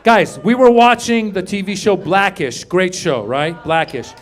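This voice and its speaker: A middle-aged man doing a stand-up comedy set, telling stories with animated delivery and squeaky put-on voices. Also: unhurried, some chatter behind. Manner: animated storytelling, acts out high squeaky voices. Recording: live stage mic, audience laughter. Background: audience laughter and room ambience.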